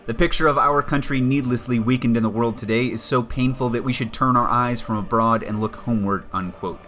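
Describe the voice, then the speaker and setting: A man narrating a history documentary in a measured way, reading quotations aloud and adding pointed asides. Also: mid-range voice, fairly even intonation, a bit bright, soft background music. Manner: reads quotes aloud, framing them with "quote, unquote".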